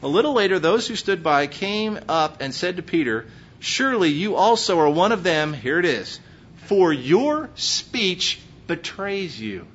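A fairly bright, animated male voice delivers a sermon at a moderate pace, the muffled recording carrying a faint low rumble. The Pennsylvania pastor has a slight Texas accent, speaks emphatically, and asks rhetorical question after rhetorical question.

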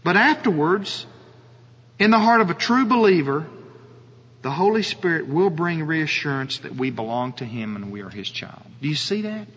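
A male pastor preaching a sermon, slow and earnest, often asking his listeners rhetorical questions. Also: a little high, big pitch swings, a bit bright, breathy edge. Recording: dull audio with long hall reverb.

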